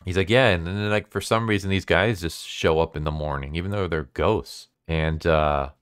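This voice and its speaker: A man's voice: low-pitched, moderate pace, a bit bright, smooth, no echo, clean studio sound. A man casually recapping a manga chapter in a laid-back, chatty way, leaning on "like" and "basically.". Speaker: manga reviewer.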